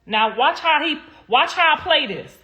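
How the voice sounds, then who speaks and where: A woman's voice: sits high, lively intonation, a little slow, muffled recording. Heated, blunt woman ranting on a livestream. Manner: heated, blunt, swears freely, swings loud and quiet. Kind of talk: casual livestream rant.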